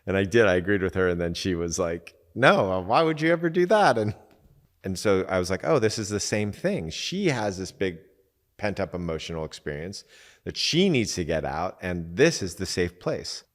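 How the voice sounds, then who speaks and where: A man with a very low voice talks loosely about relationships, the way a coach teaches, using lots of "like" and acting out little quoted conversations. His voice rings with a long reverb tail. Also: lively intonation, normal speed. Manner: conversational, acts out quoted exchanges, many fillers. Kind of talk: casual teaching talk.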